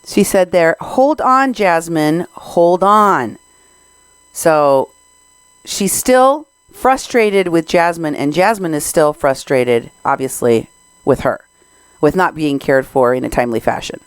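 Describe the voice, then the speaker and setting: A woman's voice: deep voice, measured pace, clean tone, no echo. A Mexican American woman hosting a podcast, commenting on recorded clips in an indignant, sarcastic way. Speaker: podcast host.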